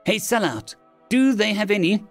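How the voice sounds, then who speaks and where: A man's voice: high-pitched, expressive, normal speed, faint music behind, pitched above the performer's own voice. A man voicing a brash, foul-mouthed small woman general who talks bluntly and scolds. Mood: brusque.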